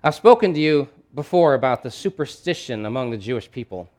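A man's voice: mid-range voice, animated, fairly quick, darkish tone. A man preaching a sermon in a conversational, emphatic way, with asides and frequent restarts. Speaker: pastor.

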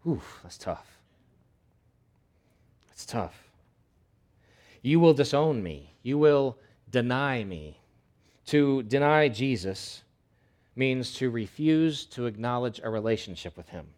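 Animated, conversational male preacher. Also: medium pitch, measured pace. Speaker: pastor. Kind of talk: sermon.

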